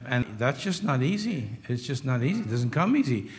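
A man in his sixties preaching a sermon in a conversational way, with wry humor, moving between loud emphasis and quiet asides. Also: mid-range voice, very animated, fairly quick. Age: 60s. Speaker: pastor.

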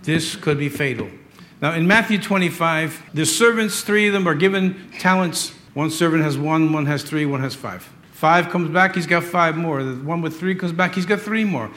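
Animated male pastor preaching a sermon. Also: fairly high pitch, moderate pace. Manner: animated preaching, swinging between loud emphasis and quiet asides.

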